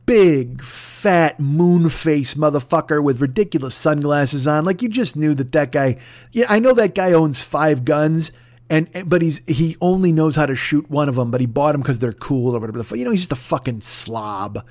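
A man's voice: on the high side, normal speed, darkish tone. A man hosting a podcast, delivering a profane, digressive comedic rant. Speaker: podcast host.

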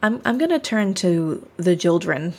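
A woman's voice: lowish voice, big pitch swings, measured pace, a little mellow, slightly rough. A woman playing in a tabletop role-playing game, speaking in a thoughtful, tentative way. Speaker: player.

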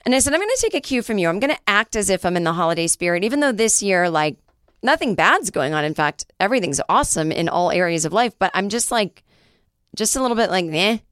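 A woman's voice: on the low side, clean tone, no room sound, clean studio sound. A woman hosting a podcast in a casual monologue, joking and swearing, a little short of breath. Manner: profane, joking, animated. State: trouble breathing. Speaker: podcast host.

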